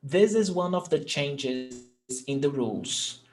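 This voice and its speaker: A man's voice: medium pitch, animated, slow, darkish tone, faint music behind. A man, teaching a language class and patiently repeating example words. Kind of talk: live online class.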